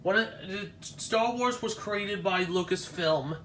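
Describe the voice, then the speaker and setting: Guy walking round an exhibit, slow and halting, kinda high voice, faint room noise behind. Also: a bit bright. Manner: halting, restarts often, nostalgic. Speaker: vlogger touring an exhibition. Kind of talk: casual walk-through commentary.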